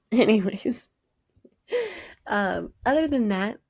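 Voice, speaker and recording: A woman with a Southern US accent hosting a podcast, chatting and telling animated stories in a casual way. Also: medium pitch, husky, no echo, studio quality. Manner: chatty, animated retelling with quick quoted voices. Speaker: podcast host. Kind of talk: casual storytelling monologue.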